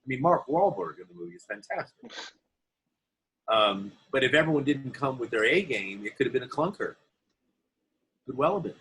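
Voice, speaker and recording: A man, an actor being interviewed, telling animated anecdotes from film sets in a casual way. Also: mid-range voice, normal speed, long pauses, poor audio. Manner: animated anecdotes, acts out quoted voices. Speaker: actor guest. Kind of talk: interview storytelling.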